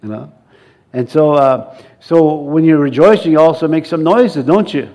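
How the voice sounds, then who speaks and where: A male pastor preaching a sermon in a church, lively and coaxing the congregation to answer back and join in. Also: fairly high pitch, normal speed.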